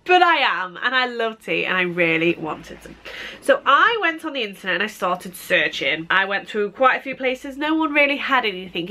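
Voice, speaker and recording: Bright-voiced, gushing British woman vlogger. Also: mid-range voice. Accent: British English. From Britain. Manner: gushing, chatty, with frequent laughs and gasps. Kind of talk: casual unboxing chat.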